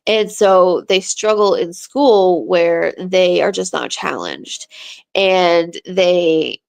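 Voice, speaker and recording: Gravelly-voiced woman chatting and laughing. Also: lowish voice, takes it slowly. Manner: laughing, emphatic storyteller. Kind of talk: casual chat.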